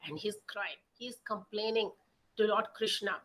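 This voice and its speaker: A woman telling stories aloud in an expressive, dramatic way. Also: mid-range voice, rough recording. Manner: expressive, slow, dramatic storytelling. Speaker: storyteller. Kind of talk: animated oral storytelling.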